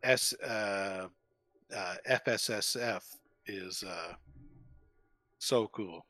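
Bright-voiced enthusiastic middle-aged man. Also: fairly low pitch, very slow, no echo. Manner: enthusiastic, rambling with fillers. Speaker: co-host. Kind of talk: casual hobby chat.

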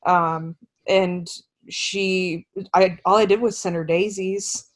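A woman guest in a casual online chat, telling stories in a soft-spoken, self-deprecating way. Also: lowish voice, steady tone, takes it slowly.

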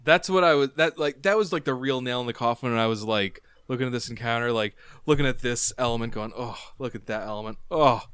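A man running a tabletop game as game master, relaxed and quick to laugh, explaining rules with many fillers. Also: mid-range voice, clear, resonant tone, dry recording.

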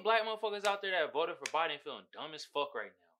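A man's voice: on the high side, sing-song, fast talker, bright, forceful tone, a little hiss or hum. A young man hosting his own podcast, venting bluntly and profanely in casual talk. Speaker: podcast host. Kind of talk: casual solo podcast rant.

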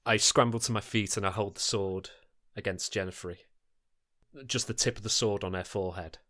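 A man's voice: fairly low pitch, fairly even intonation, normal speed, bright, forceful tone. A man playing in a tabletop game, a bit hesitant and laughing often. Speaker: player.

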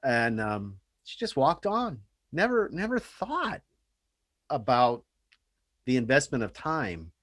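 Guy telling a story, lively and earnest, mid voice, dry close mic. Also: medium pitch, takes it slowly, no room sound. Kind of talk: casual podcast chat, storytelling.

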